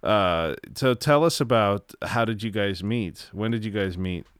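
A man's voice: on the low side, unhurried, clear, resonant tone, no echo, studio quality. A young man hosting a casual podcast, rambling and joking with many restarts. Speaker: podcast host.

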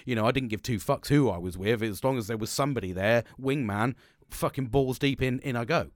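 A man speaks in a loose, rambling monologue, cursing freely and circling back on himself. His voice sits at an ordinary pitch. The recording is dry and close. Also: fairly quick, dry recording. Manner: frank, sweary, rambling with restarts. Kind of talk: casual monologue.

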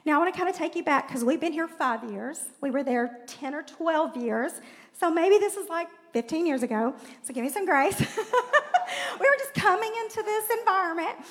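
A woman's voice: very high voice, lively intonation, moderate pace. A woman preaching a sermon in a church, talking in a chatty way with laughing asides and questions to the congregation. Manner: conversational, laughing asides, audience prompts. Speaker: pastor's wife preaching. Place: church sanctuary. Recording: long hall reverb.

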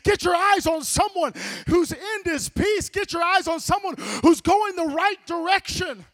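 Pastor guy preaching hard, really high voice, gets loud and shouty, stumbles over repeated words. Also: measured pace. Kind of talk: sermon.

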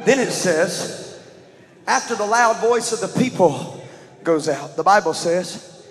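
A male preacher with a high voice fills a church sanctuary, his words trailing into a long reverb. He swings between shouted calls to praise and easy, chatty teaching from the Bible. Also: takes it slowly. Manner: shouts and chants praise, then explains scripture conversationally. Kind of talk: sermon.

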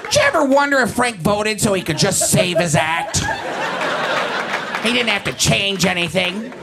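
A man's voice: sits high, sing-song, normal speed, vocal fry, music in the background, pitched above the performer's own voice, exaggerated voice. A man voicing a grumpy old man who makes sardonic, grumbling asides from his chair. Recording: loud stage recording, crowd laughing.

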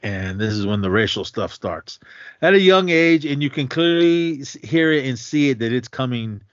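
A podcast co-host with a medium-pitched voice retells a film scene at a moderate pace in casual chat, animatedly acting the scenes out. There's no echo, though the recording sounds dull and lo-fi.

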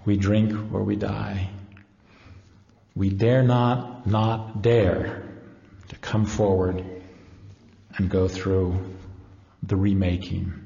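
A man voicing a solemn great male lion who speaks calmly and gravely, without boasting. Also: lowish voice, very slow, long pauses, full character voice. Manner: calm, grave, unboastful. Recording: echoey hall, dull lo-fi.

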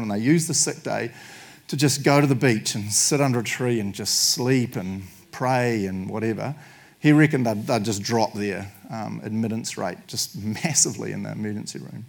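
A man's voice: medium pitch, normal speed, creaky. A man preaching a sermon to a congregation, joking and laughing often. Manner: jokey, animated, laughs often. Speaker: pastor.

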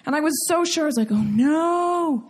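High-voiced woman telling a funny story. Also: racing. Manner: animated, laughing through the story. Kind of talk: comic personal storytelling.

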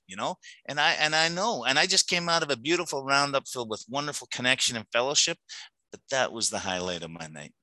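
A man's voice: mid-range voice, animated, fast, sharp tone, dry recording, low-quality recording. A middle-aged man giving an earnest, emotional personal testimony to a recovery meeting, often repeating words as he restarts his sentences.

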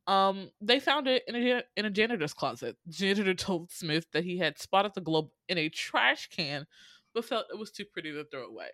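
A woman's voice: mid-range voice, expressive, normal speed, fairly bright tone, dry recording. A young woman hosting a casual chat, reading out film trivia with sassy asides and frequent ums. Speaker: podcast host.

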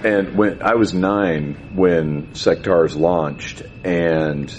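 Slow, low-voiced man on a dull recording. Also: fairly even intonation, noisy background. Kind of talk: casual chat.

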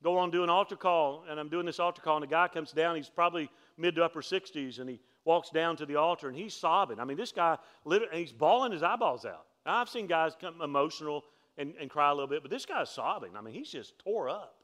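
A male pastor preaching a sermon, telling stories in a conversational way with joking asides and climbing to louder, higher peaks for emphasis. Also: fast. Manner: animated storytelling, climbs in pitch and force for emphasis; conversational, humorous asides to the congregation.

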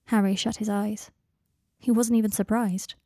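A woman narrating a fan fiction audiobook with soft, expressive, intimate storytelling. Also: mid-range voice, moderate pace, no room sound, clean studio sound.

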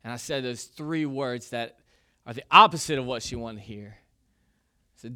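A man's voice: medium pitch, unhurried, long pauses, sharp tone, clear, resonant tone. A man in his thirties, a pastor preaching a casual, conversational sermon full of personal stories and fillers. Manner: conversational, self-deprecating, with frequent fillers.

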